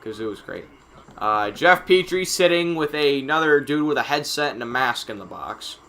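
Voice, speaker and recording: A man giving live play-by-play reaction commentary on a hockey game, excitable and getting loud on penalties, with chatty asides between plays. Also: mid-range voice, normal speed. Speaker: streamer calling the game.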